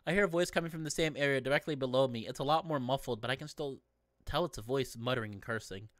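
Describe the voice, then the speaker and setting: A man's voice: mid-range voice, fast talker, fairly bright tone, no echo. A man reading a visual novel aloud in first person as a let's play narrator, playful and given to joking asides. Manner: playful, breaks off to joke with viewers.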